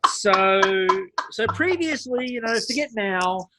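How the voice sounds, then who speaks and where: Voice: mid-range voice, slow pace, heavy background noise. A podcast co-host, chatting casually and jokingly retelling scenes from a baking show. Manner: animated, jokey, retells scenes in quoted voices. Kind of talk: casual chat.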